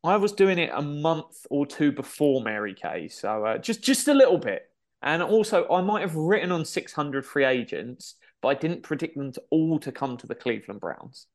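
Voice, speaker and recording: A man co-hosting a podcast, talking casually with relaxed, stumbling restarts. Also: on the high side, moderate pace, gravelly, hardly any pauses. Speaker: podcast co-host.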